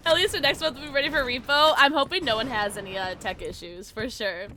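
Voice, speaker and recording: A young woman streaming a game, bubbly and tipsy, chatting excitedly with her viewers and squealing often. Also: high voice, brisk, crowd noise. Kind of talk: casual live-stream chat while gaming.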